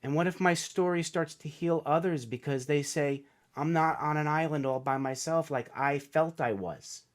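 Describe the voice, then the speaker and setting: A man's voice: fairly high pitch, moderate pace. A middle-aged man, a podcast guest and author, telling a personal story in a casual, earnest and emotional way, acting out the voices of people he quotes.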